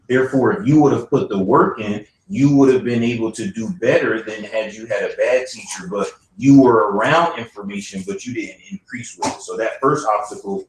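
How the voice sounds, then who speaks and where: A low-pitched man leads a church Bible study, moving between reading passages aloud and talking them through in a relaxed, chatty way. He is picked up from across an echoey room, with a faint hiss of background noise underneath. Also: far from the mic. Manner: conversational, with frequent "right?" asides. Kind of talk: teaching a class, reading aloud and explaining. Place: church classroom.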